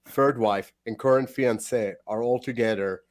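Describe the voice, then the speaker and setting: Male podcast host, mid-range pitch, joking and easygoing. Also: unhurried. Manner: joking banter with the guest. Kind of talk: casual chat.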